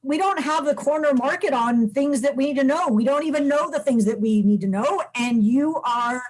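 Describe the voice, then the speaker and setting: A woman coach speaks as a guest on a talk show, answering questions in a thoughtful, earnest way. Her voice is high. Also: moderate pace, poor audio. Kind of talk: casual interview answers.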